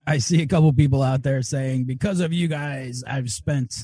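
A man's voice: mid-range voice, steady tone, normal speed, mellow, husky, no echo, clean studio sound. A man co-hosting a casual talk show, upbeat and joking, often laughing.

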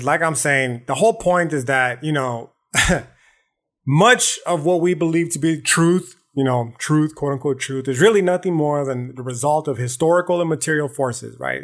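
A man hosting a podcast, lecturing on philosophy in a profane, slangy, animated monologue. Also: fairly high pitch. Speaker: podcast host.

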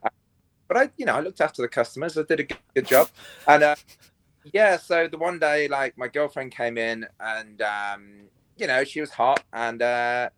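Bright-toned crude man telling stories. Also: medium pitch, normal speed. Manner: crude, rambling storyteller with lots of fillers. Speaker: podcast guest. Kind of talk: casual chat.

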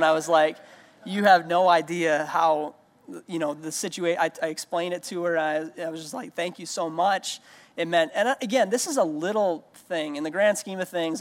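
High-voiced pastor in a reverberant hall. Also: male voice. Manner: conversational storytelling, frequent restarts. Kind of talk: sermon. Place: church sanctuary. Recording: long reverb of a large hall.

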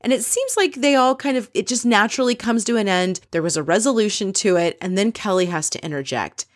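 A woman's voice: mid-range voice, animated, a little fast, dry recording, clean studio sound. A woman casually recapping a reality show episode, opinionated and candid, swearing freely as she quotes what others said.

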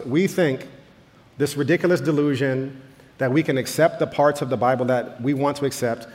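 A man in his thirties, a pastor preaching a sermon, earnest and slowing down when reading scripture, then rising to emphatic peaks. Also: medium pitch, darkish tone. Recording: long reverb of a hall.

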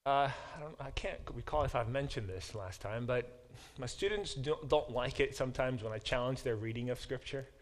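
A man's voice: mid-range voice, normal speed, few pauses. A male professor teaching a Bible class, lecturing with many fillers and restarts and reading verses aloud. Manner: reads verses aloud and explains them.

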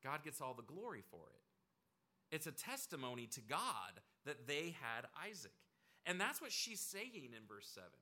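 A pastor preaching a conversational, emphatic sermon. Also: male voice, on the high side, very animated, moderate pace, bright, forceful tone.

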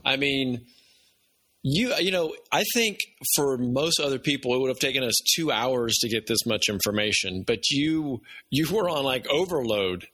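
A man's voice: medium pitch, expressive, moderate pace, sharp tone. A man hosting a casual interview, enthusiastic and encouraging toward his guest. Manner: enthusiastic, encouraging, laughs along. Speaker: podcast host.

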